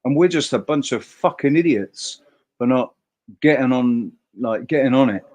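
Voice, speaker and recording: A man hosts a casual livestream chat, rambling emphatically and swearing freely. His voice is medium in pitch and a little mellow, animated, at a moderate pace.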